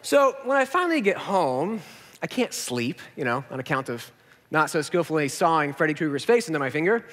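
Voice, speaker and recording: A man in his thirties, a pastor telling a story in a sermon, self-mocking and animated, acting out what people said. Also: on the high side, brisk. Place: large church auditorium. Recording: hall reverb.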